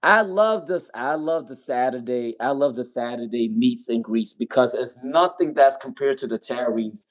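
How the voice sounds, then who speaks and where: A man's voice: mid-range voice, moderate pace, hardly any pauses, a little mellow. A young man hosting a live-stream tarot reading, talking casually with viewers, often repeating himself and breaking into laughter.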